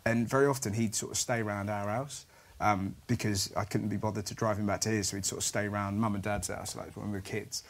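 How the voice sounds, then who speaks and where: A man's voice: fairly low pitch, fairly even intonation, fast. A man casually telling anecdotes on a comedy podcast, chatty and laughing through his stories.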